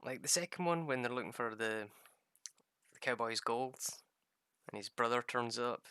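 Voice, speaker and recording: A young man chats loosely over his game, wandering from thought to thought and cursing without a second thought. His voice is bright and pushed forward. The close mic leaves it dry, with no room sound around it. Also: medium pitch, normal speed, clear, resonant tone, dry recording. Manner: rambling, swears freely, laughs at own stories. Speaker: gaming streamer. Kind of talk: casual gameplay chat.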